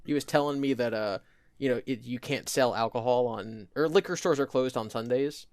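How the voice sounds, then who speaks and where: A young man from New Jersey, with the accent to match, co-hosts a podcast in rambling casual chat and laughs often. His mid-range voice is darkish, at normal speed, with no room sound.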